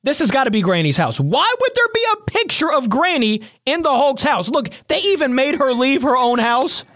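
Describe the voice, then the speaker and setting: A gaming reaction host who exclaims excitedly at the action on screen. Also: sits high, normal speed. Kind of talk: reaction video commentary.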